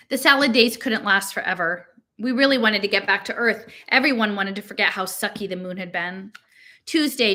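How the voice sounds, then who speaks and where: A woman reading a novel aloud in a casual voice, slowing down when she reads out long strings of numbers. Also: mid-range voice, bright, forceful tone. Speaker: reader.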